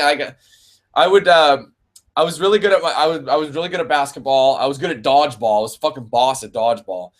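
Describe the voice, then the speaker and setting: A man's voice: mid-range voice, brisk. A man in his twenties with a Canadian accent, a gaming streamer answering viewer questions in a casual, profane chat. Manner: laid-back and profane, calls viewers man and bro.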